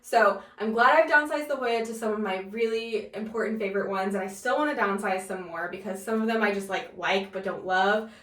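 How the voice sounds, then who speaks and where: A woman's voice: mid-range voice, a little fast, hardly any pauses, a bit bright. Chatty woman vlogging in a roomy space. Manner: chatty, lots of "like" fillers. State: a bit winded. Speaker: plant and knitting vlogger. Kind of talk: casual chat to camera. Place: home room. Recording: roomy echo, mic at a distance.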